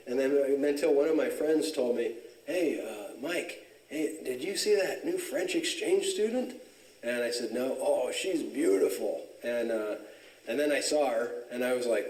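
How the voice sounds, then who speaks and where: A man from Southern California giving a casual religious talk full of personal stories, relaxed, with frequent fillers and chuckles. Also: medium pitch. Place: church. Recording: echoey church, mic at a distance.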